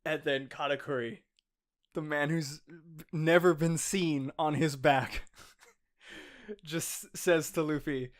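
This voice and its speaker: This is an excitable man co-hosting a podcast, with a voice pitched a touch higher than most men's. He laughs often and swears freely. He acts out the lines he retells. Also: slow pace. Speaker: podcast co-host. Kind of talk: casual chat.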